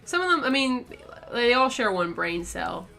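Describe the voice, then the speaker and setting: A woman's voice: a little high, big pitch swings, moderate pace, vocal fry, pushed and bright, faint music behind. A woman chatting casually on her art stream, rambling with lots of fillers and little laughs. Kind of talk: casual chat while drawing on stream.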